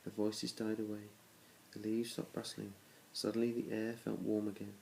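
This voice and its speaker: A man's voice: fairly low pitch, completely flat delivery, normal speed, creaky, a little mellow, slight background noise, rough recording. A man reading a children's storybook aloud to his children, in a plain reading voice with small restarts. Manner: plain reading with small restarts, little change between characters.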